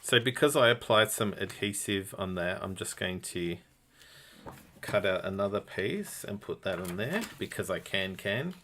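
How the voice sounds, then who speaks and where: A man's voice: low voice, lively intonation, measured pace, sharp tone, slight background noise. A man co-hosting a live craft stream, easygoing, narrating each step and reacting to viewer comments. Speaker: craft demonstrator co-host. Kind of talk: casual live craft demonstration.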